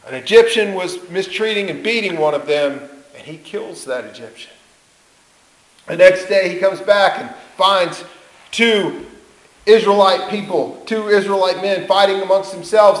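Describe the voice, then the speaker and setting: A man preaching a sermon, telling a story earnestly, asking rhetorical questions and acting out the people he quotes. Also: high-pitched. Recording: roomy echo.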